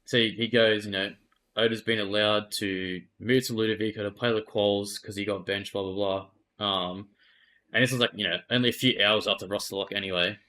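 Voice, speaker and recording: A man's voice: fairly low pitch, steady tone, brisk, sharp tone. An Australian man, an esports player, candidly retelling events in a casual interview and swearing freely.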